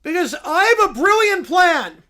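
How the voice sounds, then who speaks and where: A man voicing a dim-witted, boastful male bear who speaks in slow, broken caveman-style English. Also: very high voice, big pitch swings, pushed and bright, pitched above the performer's own voice, exaggerated voice.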